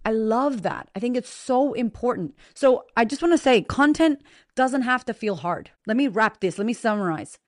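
A woman hosting a podcast in a casual motivational monologue, blunt and profane, talking straight to her listeners with energetic emphasis. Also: on the high side, normal speed, no echo, studio quality. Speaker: podcast host and business coach.

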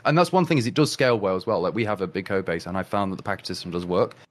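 An Englishman with an English accent talks shop as a guest, his words tumbling out fast in a lowish voice. He rambles, restarts sentences and leans on fillers in casual technical chat. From England. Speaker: guest programmer.

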